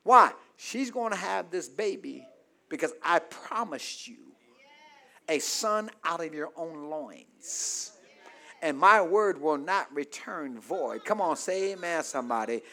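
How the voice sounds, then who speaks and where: A man a sermon, calling for amens and swinging between shouted peaks and soft low asides. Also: animated, takes it slowly. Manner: call-and-response preaching, asks congregation for amens. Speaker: preacher.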